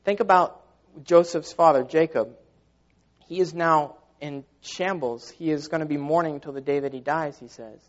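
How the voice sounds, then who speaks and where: Casual, earnest male preacher, fairly high voice, dull muffled recording. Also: moderate pace. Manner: earnest, conversational with repeated fillers. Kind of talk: sermon. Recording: dull lo-fi sound.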